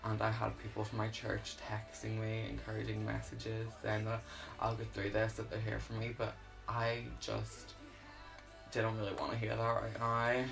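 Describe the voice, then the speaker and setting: A young man shares his testimony earnestly, pausing often and leaning on fillers. His low voice is gravelly and stays fairly flat. Faint music plays underneath. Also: low-quality recording. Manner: earnest, halting, with many fillers. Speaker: YouTuber. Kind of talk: personal testimony vlog.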